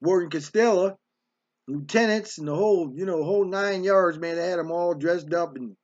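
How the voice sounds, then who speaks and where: A man's voice: high-pitched, moderate pace. A man in his fifties telling a story from his past in a blunt, streetwise way, often checking in with "right?". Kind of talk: casual spoken storytelling. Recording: dull lo-fi recording.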